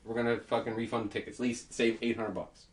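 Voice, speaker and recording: A man telling a story in casual podcast chat, animated, laughing and swearing as he goes. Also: mid-range voice, fast, a little hiss or hum. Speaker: podcast host.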